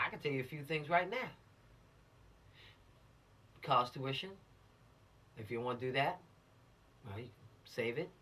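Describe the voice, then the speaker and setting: A woman's voice: low voice, breathy edge, recorded from a distance. A woman instructor giving an emphatic, lecturing lesson on the law to teenagers, addressing them directly and urging them to stay out of trouble. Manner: lively and showy. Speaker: teen law-literacy instructor.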